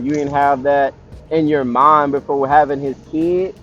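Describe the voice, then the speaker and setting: A man talks back at the clips he reacts to, blunt and sarcastic. His voice sits a little high for a man. Faint music plays behind him. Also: flat delivery, unhurried, a bit bright, highs cut off. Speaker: reaction commentator. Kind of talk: casual reaction commentary.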